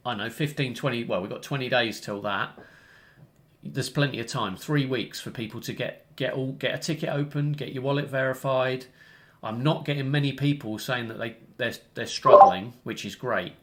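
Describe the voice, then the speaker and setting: A man hosting a casual online community update, rambling and correcting himself as he explains the steps. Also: medium pitch.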